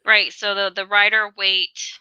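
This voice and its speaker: A woman's voice: medium pitch, level tone, a little slow, pushed and bright, clear, resonant tone, no room sound, dull audio. A woman co-hosting a podcast, explaining casually with many fillers. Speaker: podcast co-host.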